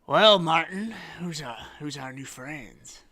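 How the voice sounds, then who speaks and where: A man's voice: on the high side, lively intonation, slow, sharp tone, voice pushed up, full character voice. A man doing a sneering menacing torturer. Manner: threatening, sneering.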